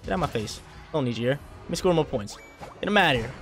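A man's voice: mid-range voice, lively intonation, rapid-fire, fairly bright tone, faint music behind. A man giving live gameplay commentary, hyped and trash-talking, often repeating his phrases.

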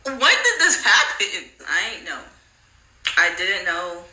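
A woman's voice: mid-range voice, sing-song, slow pace, sharp tone, roomy sound, rough recording. A woman chatting casually, laughing and sounding incredulous. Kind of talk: casual chat.

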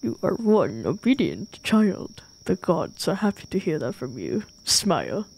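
A woman's voice: fairly low pitch, huge pitch swings, unhurried, darkish tone, voice pushed down, exaggerated voice. Figure: a woman putting on a sly, greedy temple priest. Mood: ominous. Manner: smooth, ominous, sly. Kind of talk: game character voice on a stream.

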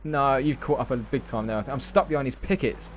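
A man, excitably narrating gameplay and laughing constantly between exclamations and swearing. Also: mid-range voice, brisk, slight background noise. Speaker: gaming video host. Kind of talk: excitable live gameplay chat.

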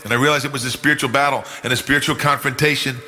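An older man from New York, a guest, rattles off his testimony at a rapid-fire pace in a medium-pitched voice that's pushed and bright, with fairly even intonation. He remains earnest and emphatic, playing out quoted speech, in a recording with a long hall reverb.

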